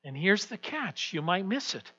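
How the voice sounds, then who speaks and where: A man preaching a sermon as pastor, swinging from hushed, quiet passages to loud, emphatic declarations. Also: high-pitched, sing-song, moderate pace, breathy edge. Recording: dull lo-fi sound with long hall reverb.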